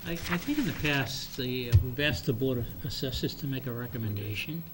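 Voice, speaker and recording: A man's voice: medium pitch, animated, fairly quick. A man, a board member, putting brief, hesitant questions to an official at a meeting. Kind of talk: meeting discussion. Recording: meeting room with background noise.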